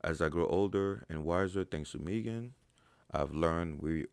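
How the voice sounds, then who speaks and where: A man answering viewer questions in a casual monologue as a dating coach, emphatic and profane, dropping to low mutters and then bursting out loudly. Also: unhurried, clear, resonant tone, no echo.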